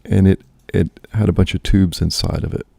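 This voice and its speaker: A man's voice: low voice, fairly even intonation, normal speed, gravelly, warm tone, slightly rough, dry recording, clean studio sound. A man, a priest and host, musing aloud in casual spoken reflection, often checking in with "right?".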